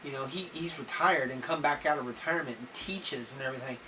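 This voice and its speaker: A man in a personal video diary, talking haltingly with many fillers and clearing his throat and coughing now and then. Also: medium pitch, bright, forceful tone. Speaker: vlogger. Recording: slightly distant mic with faint noise.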